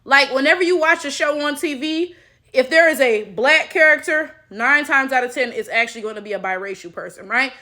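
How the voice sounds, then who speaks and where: Young woman, high bright voice, blunt slangy commentary. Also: expressive, a little fast. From Detroit, USA. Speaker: commentary YouTuber. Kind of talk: reaction commentary.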